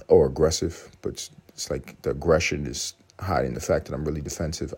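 Deep-voiced profane rambling podcast man. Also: fairly even intonation, brisk, hardly any pauses, darkish tone, breathy edge. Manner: profane, rambling, self-mocking. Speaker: podcast host. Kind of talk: casual solo podcast rant.

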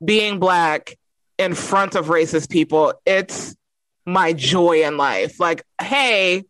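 A man co-hosting a podcast in casual comedic chat, animated and joking, laughing often. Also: fairly high pitch, slow, no echo. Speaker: podcast co-host.

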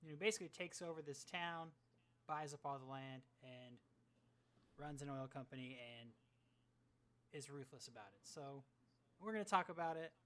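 A man's voice: on the high side, normal speed, pauses often, pushed and bright. A man hosting a casual movie podcast, rambling with many fillers and restarts. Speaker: podcast host.

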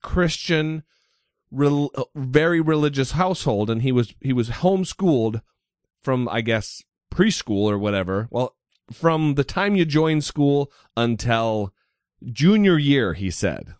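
A man's voice: medium pitch, very animated, a little slow, darkish tone, dry recording, clean studio sound. A man hosting a podcast in loose, joking, profane casual chat. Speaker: podcast host.

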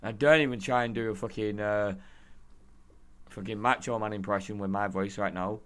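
A hoarse man co-hosting a podcast, rambling, swearing and laughing in casual chat. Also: lowish voice, fairly even intonation, moderate pace, fairly bright tone. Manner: rambling, profane, laughing often. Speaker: podcast co-host.

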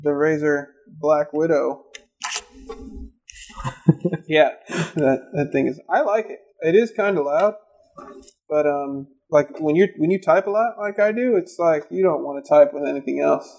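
A man's voice: fairly high pitch, a little slow, creaky, pauses often, darkish tone, rough recording. A young man co-hosting a casual podcast, rambling with lots of fillers and restarts and laughing often. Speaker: podcast co-host. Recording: amateur home podcast recording.

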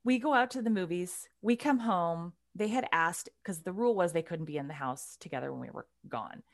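A woman in her forties telling a family story in casual chat, blunt and animated, swearing freely and restarting her telling. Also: lowish voice, brisk.

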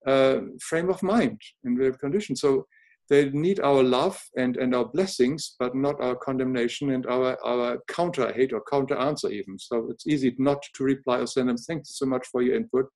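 Older man w german accent, soft earnest guest talk, lots of restarts, video call sound. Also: mid-range voice. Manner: halting, many restarts, gentle and earnest. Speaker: guest, author and illustrator. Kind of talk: reflective interview conversation.

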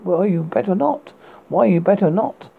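A man with a British accent voicing a dying old nobleman who speaks slowly, emphatically and menacingly. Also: high-pitched, expressive, vocal fry, husky, heavily acted. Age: older. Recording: tinny phone-like audio.

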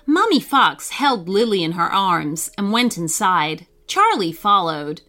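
A woman narrating a bedtime story for children, reading slowly and expressively. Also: mid-range voice, sing-song, sharp tone, faint music behind.

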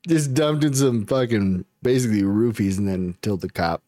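A man's voice: lowish voice, moderate pace, hardly any pauses, dark tone, no room sound, clean studio sound. A man chatting casually as a podcast host, rambling, laughing often and swearing a lot. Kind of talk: casual chat.

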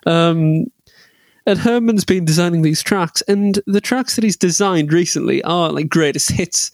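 A man's voice: a little high, measured pace, no room sound. A man chatting casually and jokily about racing, rambling and laughing often. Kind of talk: casual motorsport chat.

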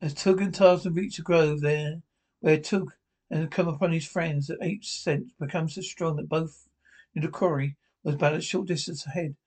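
A man with a somewhat high voice reads a classic adventure novel aloud. He stumbles and restarts words often, pressing on through the story in an unpolished, amateur narration. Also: steady tone, darkish tone, husky, poor audio. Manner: halting, frequent restarts and stumbles. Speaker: audiobook narrator.

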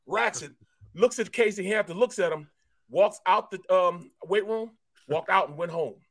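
A man with a high voice co-hosts a sports talk show, recounting old locker-room stories with lively energy. He slips in and out of playful impressions of teammates as he tells them. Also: moderate pace. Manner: animated storyteller, acts out voices. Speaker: co-host, former NFL player. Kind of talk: casual sports talk storytelling. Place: podcast studio.

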